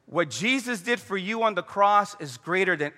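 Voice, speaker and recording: A man's voice: high voice, expressive, normal speed, pushed and bright, big-room sound, faint music behind. A man preaching a conversational sermon, telling stories and praying aloud. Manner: conversational preaching with storytelling and prayer. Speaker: pastor.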